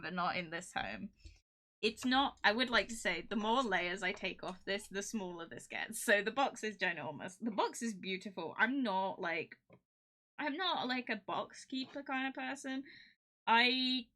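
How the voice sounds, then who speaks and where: A woman chatting on a live stream in a bright, mid-pitched voice. She is excitable and giggly, and she rambles with plenty of fillers and restarts as she talks to her viewers. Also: a little slow. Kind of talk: casual live-stream chat.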